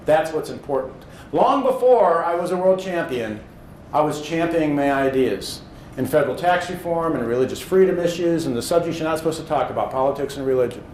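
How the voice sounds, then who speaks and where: A man's voice: on the high side, animated, a little fast, darkish tone. Man, 30s, motivational speech, raised voice, echoey hall, faint noise. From Indiana, USA. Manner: storytelling, builds to emphatic points. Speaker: public speaking champion. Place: hall with audience.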